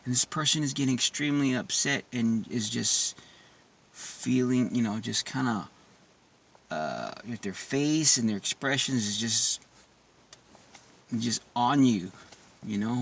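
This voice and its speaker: A man speaking in a slow, halting way, often restarting his sentences as he works through personal experiences. His voice sits at an ordinary middle pitch. He is set a little back from the microphone. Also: distant mic. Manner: halting, full of restarts and soft asides. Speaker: vlogger sharing personal experience. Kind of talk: reflective personal monologue.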